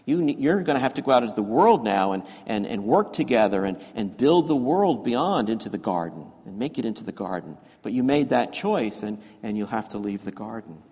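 A male pastor voicing God in a retold Bible story, gentle and warm-hearted, in his own plain voice. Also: lowish voice, sing-song, brisk, hardly any pauses, husky. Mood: tender. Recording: echoey church hall.

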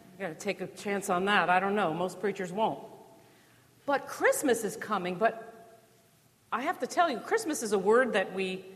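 A woman from New Jersey delivers a sermon in a church, her voice carrying a long hall reverb. She talks to the congregation conversationally, posing rhetorical questions and slipping in dry humor. Her pitch sits in a middle range for a woman. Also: a bit bright. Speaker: preacher.

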